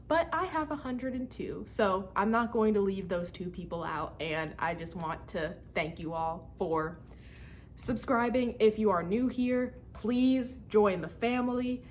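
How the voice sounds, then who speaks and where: A woman in her twenties telling stories in a casual vlog, animated and laughing as she acts out her friends' lines. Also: medium pitch, a little hiss or hum. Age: 20s. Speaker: student vlogger.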